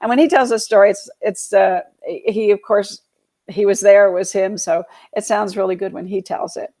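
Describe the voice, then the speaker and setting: A woman's voice: medium pitch, fairly even intonation, normal speed, dark tone. Chatty georgia lady hosting a real estate show, rambles, lots of ums and laughs. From Georgia, US South. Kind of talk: casual live-stream talk.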